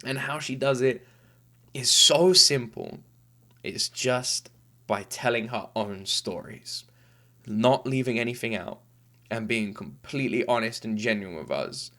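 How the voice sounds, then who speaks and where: A man's voice: mid-range voice, expressive, measured pace, sharp tone. A man in his thirties hosting a reaction video, talking in an earnest, heartfelt, rambling way with restarts, tearful after crying. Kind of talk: casual emotional monologue.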